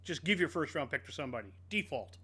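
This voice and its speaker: A man co-hosting a casual sports podcast, joking and quick to laugh. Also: a little high, big pitch swings, sharp tone, slightly rough. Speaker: podcast co-host.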